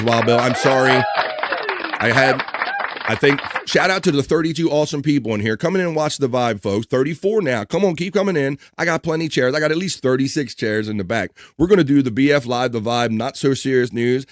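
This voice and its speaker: A man's voice: mid-range voice, dry recording, clean studio sound. Chatty man hosting a livestream. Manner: upbeat, chatty, reads chat messages aloud. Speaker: livestream host. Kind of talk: casual chat reading live chat aloud.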